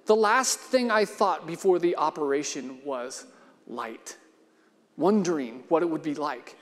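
A man's voice: a little high, lively intonation, a little slow, pitched below the performer's own voice. A man reading as a frustrated, once-blind man pleading. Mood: earnest. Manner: pressing, insistent questions. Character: frustrated newly sighted blind man, earnest. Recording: long hall reverb.

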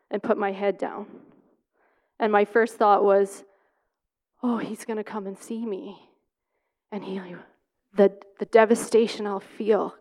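A woman's voice: mid-range voice, a little mellow, clear, resonant tone. A woman preaching a sermon, reading scripture and telling a personal story, stressing words by repeating them. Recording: long hall reverb.

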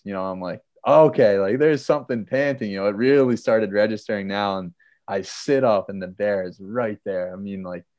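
A man from Pennsylvania telling a hiking story in a casual, animated way, acting out the lines of people in it and using lots of fillers. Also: sits low, no room sound, highs cut off. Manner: animated, acts out quotes, many fillers.

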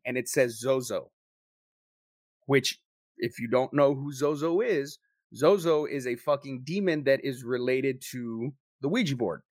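A young man telling a story to friends in a casual, profane, animated way, acting out what people said. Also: mid-range voice, a little slow, no room sound, clean studio sound. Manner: profane, animated storyteller who acts out quotes. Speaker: paranormal investigator telling a story.

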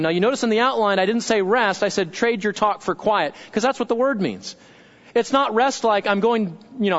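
A man with a high-pitched voice preaches a sermon in a loose, chatty way, checking in with "right?" and repeating himself as he builds a point. The recording sounds dull and lo-fi. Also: fairly bright tone. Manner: repeats phrases and restarts mid-sentence. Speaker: pastor.

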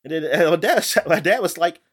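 A man co-hosting a casual chat show, animated and laughing often, with frequent restarts. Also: fairly high pitch, a little fast, breathy edge. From not British. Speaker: podcast co-host.

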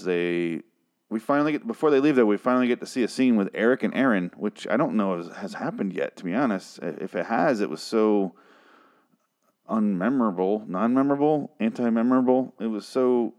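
A man's voice: on the low side, a little mellow. A man recapping and ranting about a TV episode in a sarcastic, profane, exasperated way. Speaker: TV episode reviewer. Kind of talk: casual recap and rant.

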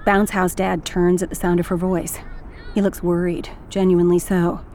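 A woman's voice: on the low side, little pitch movement, normal speed, dark tone, slight background noise. A woman narrating a first-person story in a wry, intimate way with flashes of anger.

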